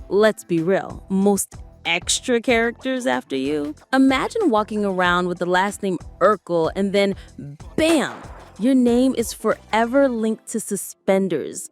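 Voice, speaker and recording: A woman reading scripted countdown narration in a chatty, hyped way, with playful asides to the viewer. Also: mid-range voice.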